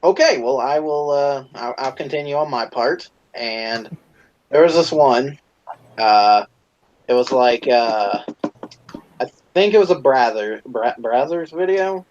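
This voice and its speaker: A man's voice: medium pitch, lively intonation, unhurried, darkish tone, dull audio, a little hiss or hum. A man co-hosting a podcast, telling crude stories in a rambling casual way, swearing a lot and restarting his sentences often. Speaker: podcast co-host.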